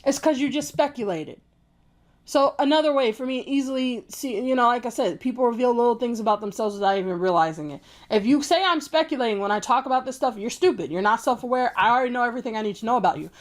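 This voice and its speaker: A woman with a high voice rants to her camera. She is blunt, heated and full of swearing. She repeats other people's phrases back with open scorn. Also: fast. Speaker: vlogger. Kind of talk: casual opinion rant to camera.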